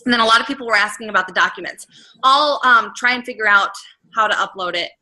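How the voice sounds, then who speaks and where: A woman's voice: on the high side, fast talker, bright, forceful tone, low-quality recording. A woman sharing tips in a casual video call, rambling and correcting herself as she goes. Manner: rambling, trails off, self-corrects. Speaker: book sales consultant.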